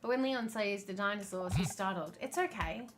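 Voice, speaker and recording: A woman's voice: medium pitch, brisk, music in the background. A woman streamer playing a visual novel, reading the game text aloud and chatting playfully with her viewers. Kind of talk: let's play with read-aloud narration.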